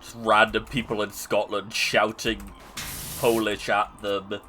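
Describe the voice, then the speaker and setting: A man's voice: lowish voice, flat delivery, unhurried, pushed and bright, faint music behind, low-quality recording. A British man chatting casually while streaming a game, rambling, joking and muttering to himself as he plays. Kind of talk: casual gameplay chat.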